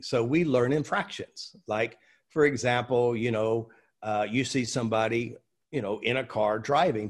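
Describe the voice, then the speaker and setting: A middle-aged man with a husky, slightly breathy voice at an ordinary pitch. He talks as a seminar trainer, explaining through animated anecdotes peppered with casual fillers. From United States. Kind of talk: conversational storytelling explanation.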